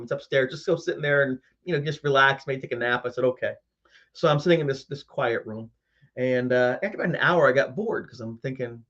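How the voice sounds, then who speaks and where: A man with a medium pitch recounts his personal ghost story before a live audience, vividly acting out how frightened he was. The recording has its highs cut off.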